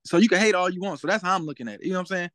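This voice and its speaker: A man's voice: high voice, rapid-fire, fairly bright tone, dry recording. A young man as a guest in a casual interview, talking in a laid-back way and often asking "you know what I'm saying?".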